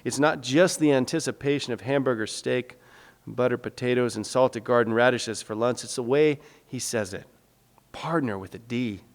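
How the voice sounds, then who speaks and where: Poet, 40s, male, mid-pitched; steady rhythmic lecture reading; long hall reverb. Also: moderate pace. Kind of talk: public lecture with poetry reading.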